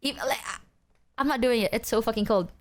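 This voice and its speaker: A young woman streamer chatting casually with her viewers, animated and ranting, swearing freely as she talks. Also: a little high, fairly quick, slight background noise. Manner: animated, swears a lot, rants.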